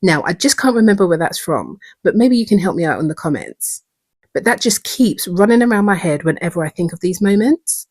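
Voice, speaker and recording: Woman doing a calm show breakdown, husky voice, lively pitch, dry close sound. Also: brisk, no room sound. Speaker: video essay host. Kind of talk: scripted episode breakdown.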